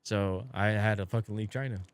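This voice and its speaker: A man from Brazil, a podcast guest, telling a long story in a casual, profane, animated way and acting out the people in it. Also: on the low side, a little fast. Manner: profane, animated, acts out quoted voices.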